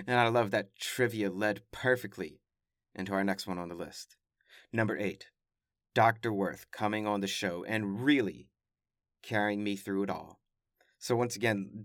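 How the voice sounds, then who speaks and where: Male podcast host, lowish voice, casual and self-mocking, recorded dry in a home closet. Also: dry recording. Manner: chatty, self-deprecating, animated. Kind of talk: casual solo podcast recap. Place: small home closet studio.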